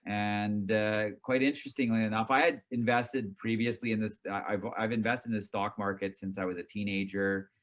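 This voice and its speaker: Speaking with a lowish voice at a brisk clip and with few pauses, a middle-aged chairman and CEO walks through his career story in an interview. He's casual, animated, and self-mocking, reenacting how he once reacted.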